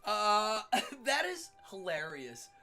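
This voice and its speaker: Animated middle-aged man telling stories. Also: high-pitched, slow, soft background music. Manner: animated, laughs often, acts out quotes. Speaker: livestream host. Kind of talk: casual storytelling chat.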